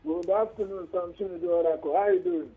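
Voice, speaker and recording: A male caller speaking on a phone-in radio show, animated and preachy, dragging out words for emphasis. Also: high-pitched, fast, slightly rough, faint music behind. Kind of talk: phone-in call. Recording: tinny phone line on radio.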